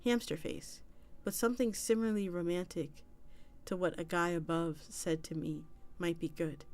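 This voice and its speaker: A woman's voice: lowish voice, fairly even intonation, moderate pace, a little mellow. A woman streamer reading an internet story aloud in a casual way, with small slips and restarts.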